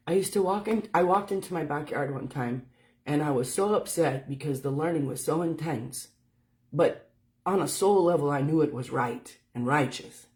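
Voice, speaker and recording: A woman's voice: low voice, a little mellow. Candid, swearing woman telling her story. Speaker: spiritual speaker. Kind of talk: casual livestream talk. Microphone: phone.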